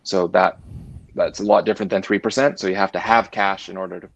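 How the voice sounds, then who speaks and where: Low gravelly Canadian man. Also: steady tone, dull audio. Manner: measured, with many restarts. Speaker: guest, managing director. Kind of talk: interview answers.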